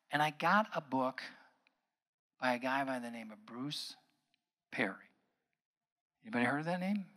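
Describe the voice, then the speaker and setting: A middle-aged man, a psychologist, giving an earnest public lecture that moves between quiet asides and emphatic passages. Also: a little high. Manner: earnest, shifting from soft asides to emphatic outbursts.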